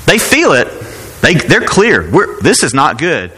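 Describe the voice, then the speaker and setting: Man preaching, animated pitch, forceful bright tone, rhetorical questions, long hall reverb. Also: a little slow, a little hiss or hum. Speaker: pastor. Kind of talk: sermon.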